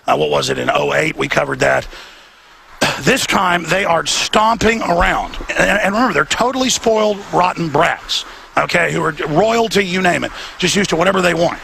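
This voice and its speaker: Gravelly, forceful man ranting outdoors. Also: a little high, very animated, slight background noise. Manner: fervent, rapid, repetitive ranting. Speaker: host. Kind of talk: heated on-location commentary. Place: outdoors outside an event venue.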